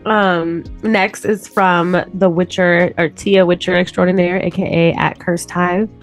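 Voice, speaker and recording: A woman co-hosting a podcast in casual chat, chatty and quick to laugh. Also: fairly low pitch, flat delivery, faint music behind. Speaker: podcast co-host.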